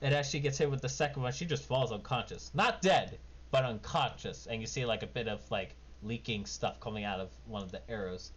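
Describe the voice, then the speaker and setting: A man's voice: mid-range voice, fairly quick, husky. A man running a tabletop game as game master, narrating casually and rambling with lots of fillers. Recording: dull lo-fi mic with faint noise.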